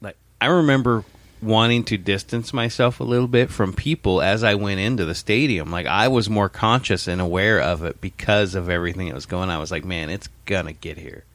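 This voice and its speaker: A man's voice: lowish voice, a little fast, fairly bright tone, dry recording. A man co-hosting a podcast in casual chat, making wry teasing remarks. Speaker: podcast co-host.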